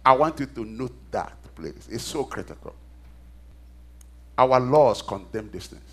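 A man preaching a sermon, emphatic and animated, asking the congregation questions for them to answer. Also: mid-range voice, a little slow, breathy edge. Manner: call-and-response questions to the congregation.

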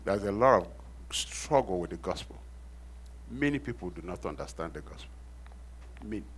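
A man's voice: sits low, animated, moderate pace, slight background noise. A middle-aged male pastor preaching a sermon. He repeats key phrases and prompts the congregation to finish his sentences.

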